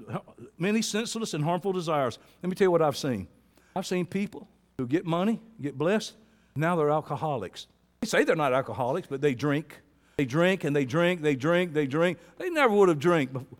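Fiery preacher in a reverberant hall. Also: male voice, on the high side. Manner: impassioned preaching, swings between loud fervent peaks and quiet intensity; folksy colloquial speech with rhetorical questions to the congregation. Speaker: pastor. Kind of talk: sermon.

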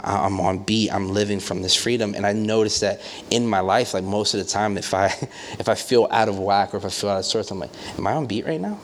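A man preaching in a conversational way, telling stories with lots of fillers and playful acted quotes. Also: fairly low pitch. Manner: animated storytelling with acted quotes and many fillers. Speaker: pastor. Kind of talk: conversational sermon.

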